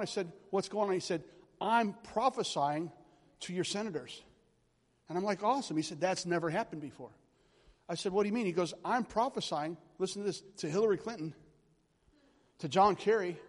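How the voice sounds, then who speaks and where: A man preaching a charismatic sermon, telling stories animatedly and checking in with the congregation. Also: high voice. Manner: animated, rambling storyteller addressing congregation. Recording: long hall reverb.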